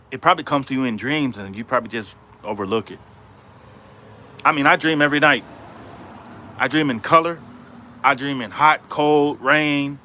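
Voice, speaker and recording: A man's voice: mid-range voice, sharp tone. A middle-aged man hosting a casual livestream, rambling and repeating himself as he greets viewers in the chat, speaking from outdoors in middle Georgia. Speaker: livestream host.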